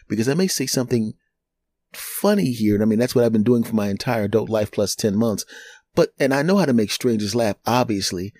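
A middle-aged man, a podcast host and comedian, telling a story in an animated, chatty way with chuckling asides. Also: on the low side, a little fast, no room sound. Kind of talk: storytelling monologue.

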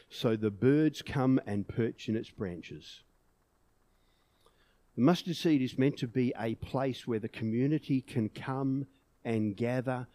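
A man's voice: medium pitch, dark tone, dry recording. A man preaching a sermon in an earnest way, pushing emphatic peaks on key words.

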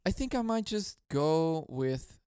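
A man's voice: on the high side, big pitch swings, takes it slowly, clean tone, dry recording, clean studio sound. Laughing, cursing man on a podcast. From Southern California. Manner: profane, laughs often, bursts into loud mock yelling. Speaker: podcast host. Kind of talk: casual solo podcast chat. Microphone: boom mic.

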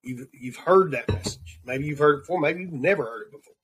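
A man's voice: a little high, a little fast, fairly bright tone, slight background noise. A man with a Southern accent giving an earnest, rambling devotional segment as a podcast host, repeating words as he searches for them. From Southern United States. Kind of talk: devotional segment of a talk show.

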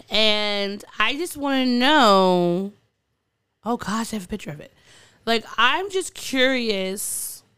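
A woman's voice: on the high side, fairly bright tone, clean tone, no echo. A woman co-hosting a podcast, telling odd news stories in a rambling, giggly casual chat. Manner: giggly, rambling with fillers and restarts. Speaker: podcast co-host.

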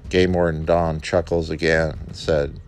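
A man's voice: rumbling low, level tone, unhurried, slight background noise. A male park ranger telling a personal anecdote and acting out the dialogue of each person in it. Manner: acts out the dialogue, quoting each speaker.

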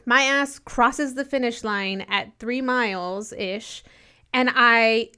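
Lively young woman telling a story. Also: fairly high pitch, takes it slowly, smooth. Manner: animated storyteller, laughs often, acts out the people she quotes. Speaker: podcast co-host. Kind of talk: casual storytelling chat.

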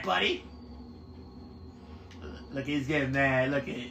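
A man streaming a game live, commenting loudly and profanely and trash-talking his teammates in excited bursts. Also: fairly high pitch, takes it slowly, creaky, long pauses, roomy sound, a little hiss or hum.

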